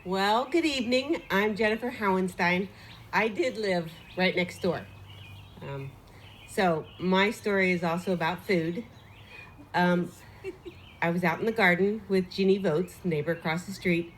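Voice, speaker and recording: A woman's voice: fairly low pitch, measured pace, slight background noise. A woman telling a neighbor's story at a memorial gathering, chatty, with fillers and laughing asides, into a microphone. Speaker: neighbor giving a eulogy.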